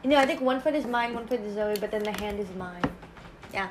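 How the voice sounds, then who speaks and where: A teenage girl co-hosting a casual podcast, chatty and quick to jump in. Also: fairly high pitch, background noise. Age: teens. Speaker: podcast co-host. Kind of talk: casual chat.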